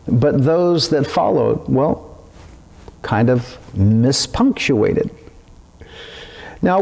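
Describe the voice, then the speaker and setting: Slow, animated male pastor preaching. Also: on the high side, vocal fry. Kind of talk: sermon.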